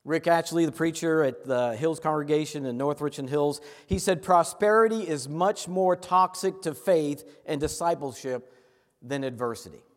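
A man from Massachusetts preaches a sermon with a high, bright voice. He is earnest, rushes through his asides and slows right down on the words he wants to land. His voice rings out with a long reverb from a large hall. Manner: earnest, with quick asides and slow emphatic stresses. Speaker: pastor.

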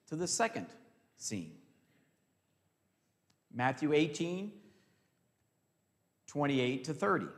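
This male pastor's sermon rings out at a high pitch within a spacious hall. His delivery alternates between forceful bursts and quiet, lingering lines while he leads the crowd in call-and-response.

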